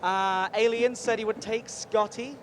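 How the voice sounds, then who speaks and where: A man hosting a live stream from a busy convention booth, chatty and energetic, rambling with quick restarts. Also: sits high. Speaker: livestream host at a game convention booth. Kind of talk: upbeat live event hosting. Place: busy convention show floor. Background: faint crowd noise.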